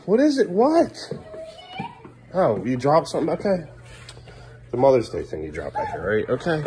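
In this casual home vlog, a young father talks to his kids at bedtime, sometimes snapping at them out of frustration. He's a parent vlogger with a mid-range, sing-song voice, speaking at a moderate pace with frequent pauses over background noise. His scolding comes in exasperated bursts.

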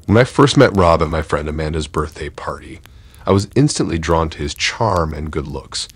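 A man giving a measured, steady first-person narration of a horror story. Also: a bass voice, husky, dry recording.

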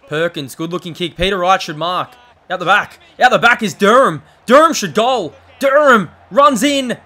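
A high, bright-voiced man calls a football video game live as he plays it. He jumps from loud, excited calls to quiet muttering, and a faint hum of ambience sits behind him. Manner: excitable, swings from shouted calls to low muttered asides. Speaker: gaming channel host.

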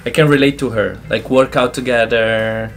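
A man chats casually with a friend, in a playful and teasing manner. His voice sits at a middle pitch. Faint music runs beneath him. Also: steady tone, normal speed. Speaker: co-host. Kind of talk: casual chat.

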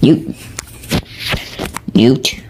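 A man's voice: very slow, mellow, slight background noise. A man filming his cat in a playful home video, coaxing and teasing it.

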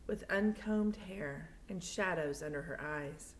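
A woman's voice: low-pitched, a little slow, hardly any pauses, a little hiss or hum. Young woman teacher reading aloud. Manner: chatty and playful before reading, then steady narration. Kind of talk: reading a novel aloud to students.

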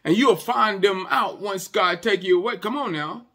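A man's voice: sits high, moderate pace. A male pastor preaching an impassioned sermon, repeating his points and turning to the congregation with conversational asides. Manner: impassioned, repetitive preaching that often rises to a shout.

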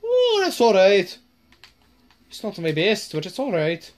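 A woman's voice: medium pitch, huge pitch swings, measured pace, a little mellow. A woman giving casual, sweary commentary while playing a zombie game. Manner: casual, swears often, drawls. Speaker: gamer. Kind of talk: gaming commentary.

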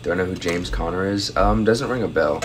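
A young man with a deep voice chats casually and briskly on a phone livestream from home, reading viewer comments aloud and thanking people for gifts. There's a little background noise.

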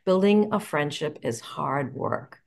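Enthusiastic woman educator, lowish voice. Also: expressive, takes it slowly, creaky, darkish tone. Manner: enthusiastic, explanatory, poses questions. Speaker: educator presenting picture books. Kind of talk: instructional talk to teachers.

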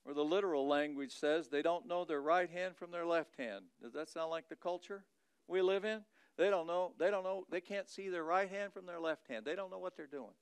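Midwestern pastor, male, high smooth voice, dramatic scripture reading, dry close sound. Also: fairly quick, no echo. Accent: Midwestern American. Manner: dramatic reading of scripture, swinging from loud to hushed. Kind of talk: sermon.

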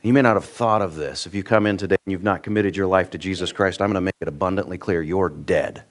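A middle-aged man from the United States, preaching a sermon in a church, earnest and direct, swinging between loud emphatic peaks and quiet low asides. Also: quick pace. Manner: earnest, direct, repeats words when starting a thought. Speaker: pastor.

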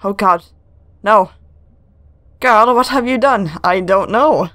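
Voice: medium pitch, slow, bright, forceful tone, no room sound, clean studio sound. A gamer hosting a let's play, chatting casually, joking and self-mocking while playing. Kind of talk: casual gameplay commentary. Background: game music.

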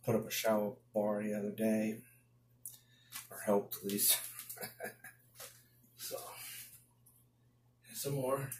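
A man's voice: on the low side, fairly even intonation, takes it slowly, long pauses, slight background noise. A man from the Bronx with a New York accent, chatting casually through a home DIY job and muttering to himself as he works. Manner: chatty, mutters to himself while working, mild exasperated exclamations. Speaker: DIY YouTuber. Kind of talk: casual DIY video commentary. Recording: echoey room.

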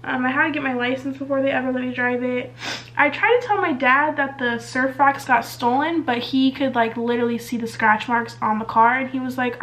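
A young woman telling a storytime story while doing her makeup, animated, laughing often and swearing freely. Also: sits high, brisk. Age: young adult. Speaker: vlogger.

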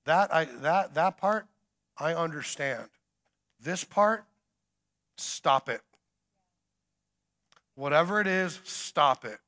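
A middle-aged man preaching a sermon, swinging between emphatic calls and quiet storytelling. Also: a little high, expressive, slow pace, pauses often. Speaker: guest preacher.

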